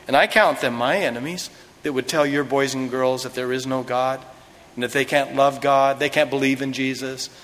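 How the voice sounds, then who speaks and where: A man preaching a sermon to a congregation, animated, swinging from raised, excited passages to hushed, quiet lines. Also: on the high side, in a large hall. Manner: animated preaching with dramatic drops to a hush. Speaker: pastor. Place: church sanctuary before a congregation.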